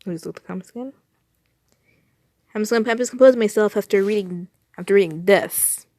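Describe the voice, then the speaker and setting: A woman's voice: medium pitch, fast talker, mellow, dry recording, clean studio sound. A woman reacting to fanfiction she reads aloud, exasperated, sighing and swearing. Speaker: fanfiction reader.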